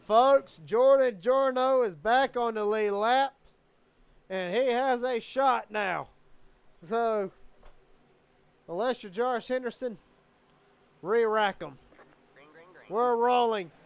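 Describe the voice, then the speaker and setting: A man calling a live sim race as commentator, excitable and quickening with the action. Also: very high-pitched, smooth, dry recording.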